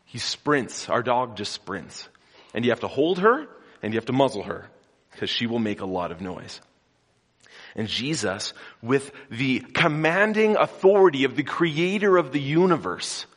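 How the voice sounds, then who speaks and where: A man preaching a sermon, telling the story dramatically and swinging between loud, forceful passages and hushed ones, often putting questions to his congregation. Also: fairly low pitch. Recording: long hall reverb.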